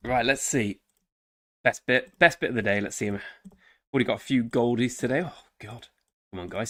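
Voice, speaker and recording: A man streams his gameplay, commenting casually as he goes. He chats to himself and his viewers in a mid-pitched voice and breaks into frequent exclamations. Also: moderate pace, fairly bright tone, dry recording, studio quality. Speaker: game streamer.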